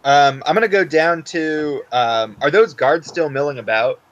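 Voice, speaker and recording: A man playing a tabletop game, deliberately describing what his character does. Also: on the high side, fairly bright tone, lo-fi sound. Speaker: player. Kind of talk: casual tabletop role-play.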